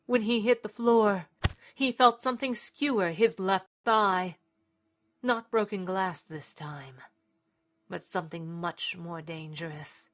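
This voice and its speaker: Slow, dramatic woman storyteller. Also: lowish voice. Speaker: narrator. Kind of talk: scripted audiobook narration.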